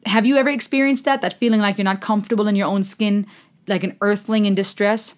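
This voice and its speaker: A young woman hosting a music reaction vlog, talking straight to her viewers in an effusive, excited way, thinking aloud and laughing often. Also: medium pitch, quick pace. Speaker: music reaction channel host.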